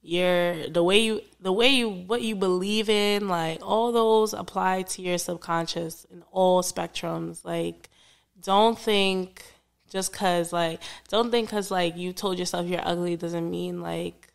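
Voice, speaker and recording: A woman's voice: lowish voice, fairly even intonation, slow pace, creaky, clear, resonant tone. A young woman, a podcast guest, chatting casually and rambling with frequent restarts. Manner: rambling, restarts often, laughs a lot.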